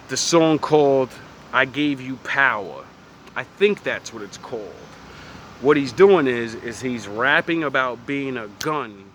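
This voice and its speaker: A man's voice: mid-range voice, a bit bright, slight background noise. A man giving a blunt, profane, rambling opinion monologue outdoors by a street. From United States. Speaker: vlogger.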